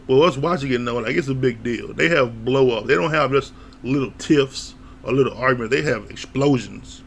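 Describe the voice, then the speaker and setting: A man giving a casual, opinionated recap of a reality show, blunt and quick to laugh or swear. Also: mid-range voice, gravelly, a little hiss or hum.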